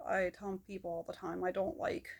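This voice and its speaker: A woman talking candidly to camera about her own experience, rambling a little, with fillers and soft laughs. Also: on the low side, level tone, brisk, vocal fry. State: shaky hands, feeling manic. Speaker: video blogger. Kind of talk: personal talk to camera.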